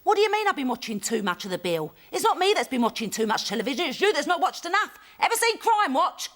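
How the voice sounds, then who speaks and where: A high, indignant housewife. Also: female voice, sing-song, fairly bright tone. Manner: indignant, quick-tempered, argumentative. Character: brassy London housewife, married to a prisoner. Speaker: sitcom character. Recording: audible background noise.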